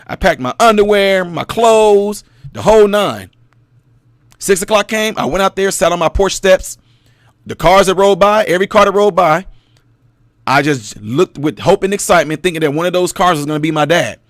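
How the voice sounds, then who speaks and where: Animated, preachy man with a high voice. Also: normal speed, no echo, clean studio sound. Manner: preachy, storytelling, rhetorical questions to the audience; animated, mocking put-on voices. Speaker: commentary channel host. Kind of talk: casual monologue commentary.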